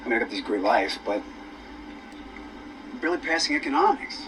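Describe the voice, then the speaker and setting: A young man caught out in an argument, halting and self-conscious as he explains himself. His pitch rises and falls a lot. The film audio is distant and has clear background noise. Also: wildly swooping pitch. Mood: defensive.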